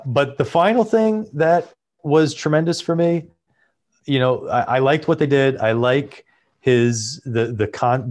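On this podcast, a male co-host chats casually and with real enthusiasm, rambling as he goes. His voice is on the low side and a little mellow.

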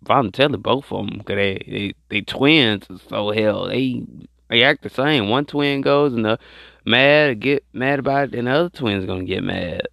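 A man's voice: medium pitch, moderate pace, gravelly, a bit bright, no room sound, studio quality. A man hosting his own podcast, rambling in slangy casual commentary and repeating himself a lot. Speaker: podcast host.

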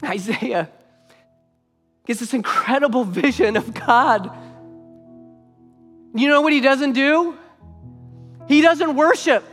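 Preacher, high voice, emphatic sermon delivery, long hall reverb, faint music underneath. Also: slow, pauses often, a bit bright. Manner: emphatic, repeats phrases for weight.

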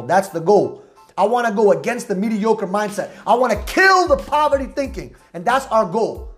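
Loud, pumped-up male podcast host. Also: sing-song, moderate pace, faint music behind. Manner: loud, high-energy, emphatic; repetitive, hype-driven street slang. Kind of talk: motivational podcast monologue.

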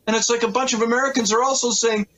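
A man who hosts his own show, talking politics on a panel in a passionate, ranting way and pushing his pitch up hard to make a point. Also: fairly even intonation, very fast, fairly bright tone, poor audio. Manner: passionate, ranting, swings pitch up sharply for emphasis. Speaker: political commentator and radio show host. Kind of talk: heated political panel talk.

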